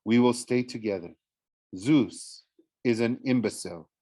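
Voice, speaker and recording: Calm Italian-accented mother, read by a man. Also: unhurried, no room sound, natural voice. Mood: calm firm. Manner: soft, low and calm. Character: calm elegant Italian mother, warm and firm.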